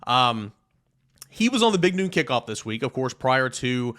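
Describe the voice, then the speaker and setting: A man hosting a college football podcast, talking casually and with strong opinions, jumping between loud jabs and quiet muttered asides. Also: mid-range voice, very animated, normal speed. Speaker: podcast host. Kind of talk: casual sports podcast talk with a read ad.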